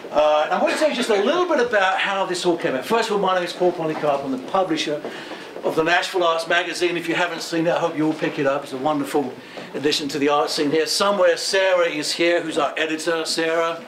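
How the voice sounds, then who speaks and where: A middle-aged man with a British accent addresses guests at a museum gallery opening, brimming with enthusiasm and quick to laugh. His voice sits somewhat high for a man. There is faint ambient noise in the background. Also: reverberant. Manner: enthusiastic, chatty, laughs often. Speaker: magazine publisher introducing an exhibition.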